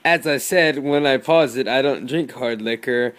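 A man's voice: mid-range voice, normal speed, a bit bright, rough recording. Tired young man with dry jokes. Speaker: podcast co-host. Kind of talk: casual chat. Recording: faint background noise.

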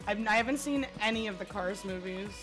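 A chatty woman streamer at a mid pitch, rambling through casual gameplay commentary. She keeps breaking off and restarting her sentences. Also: brisk, over music. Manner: chatty, rambling, self-interrupting.

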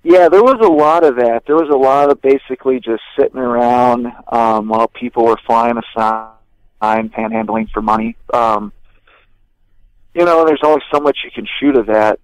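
A man talking as a guest on a podcast, relaxed and casual, cursing freely between lots of fillers. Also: mid-range voice, moderate pace, smooth, no echo, low-quality recording. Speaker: documentary director, guest.

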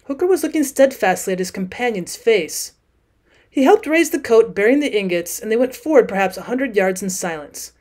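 A woman's voice: a little high, animated, moderate pace, a little mellow. Woman reading a classic story aloud. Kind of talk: audiobook narration.

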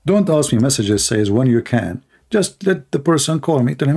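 Man, gravelly voice, mellow dark tone, live call-in host, mocking, repeats himself. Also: mid-range voice, sing-song, moderate pace. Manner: mocking, repeats phrases, frequent laughter. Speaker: live-stream host taking callers.

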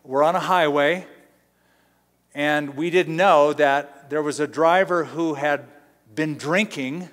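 A middle-aged pastor from Southern California preaching a sermon in a conversational, storytelling way, acting out quotes. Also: male voice, on the high side, fairly bright tone, long reverb tail.

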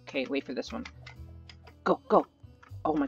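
A gamer keeps up a jittery running commentary while playing, cheering and pleading at the screen in a medium-pitched voice. The audio sounds a bit dull and lo-fi, with faint music playing underneath. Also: normal speed, breathy edge. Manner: excitable, nervous self-talk with repeated urging. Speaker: gaming channel host. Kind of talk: live gameplay commentary.

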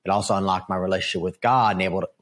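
Man, low pitch, middle-aged, earnest storytelling, filler-heavy podcast testimony. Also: fairly even intonation, racing, fairly bright tone. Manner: earnest storytelling, frequent fillers and "right?" asides. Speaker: guest, author. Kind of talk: personal testimony in a podcast interview.

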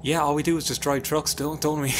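A man's voice: fairly high pitch, level tone, a little fast, a bit bright, a little hiss or hum. Dry-witted young Irish man. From Ireland. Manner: dry, sarcastic, self-mocking banter. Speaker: gaming YouTuber. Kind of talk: playthrough commentary. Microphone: desk mic with pop filter.

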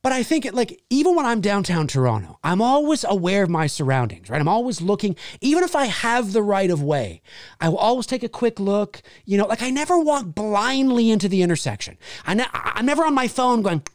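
A man hosting his own show, ranting casually, swearing freely and acting out quick voices. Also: sits high, very animated, dry recording, clean studio sound. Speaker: show host. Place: lives in a big city.

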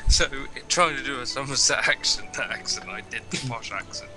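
A man with a mid-range voice explains game mechanics to his friends over a headset, knowing and a little teasing. Music plays clearly behind his voice. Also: mid-range voice, moderate pace. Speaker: gamer playing in a group. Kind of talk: casual chat over voice chat.

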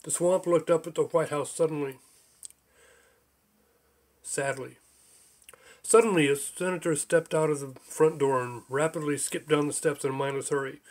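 A man narrating his own book as an audiobook, in an even, measured reading. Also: fairly high pitch.

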